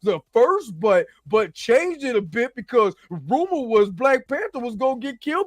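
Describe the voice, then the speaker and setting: A man's voice: very high-pitched, big pitch swings, moderate pace, few pauses, no echo, faint music behind. A man hosting his own show, ranting animatedly about pop culture, repeating himself and swearing. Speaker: show host.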